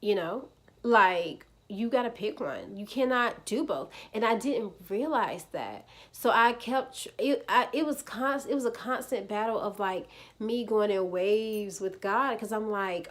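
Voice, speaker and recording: A vlogger in her twenties casually shares a personal faith testimony with viewers, chatty and leaning heavily on "like" while calling them "y'all." Her mid-range voice is animated and a little slow.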